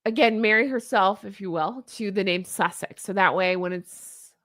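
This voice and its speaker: A woman's voice: mid-range voice, normal speed, a bit bright, no room sound, clean studio sound. A woman hosting a livestream, chatting casually and opinionatedly with her viewers and reading their comments aloud. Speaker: livestream host. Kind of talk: casual commentary to a live chat.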